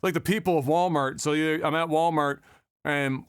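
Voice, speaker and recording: A man in his thirties co-hosting a podcast, telling a story in casual chat, animated, laughing often and swearing freely. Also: a little high, moderate pace, clean tone, dry recording, clean studio sound. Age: 30s. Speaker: podcast co-host.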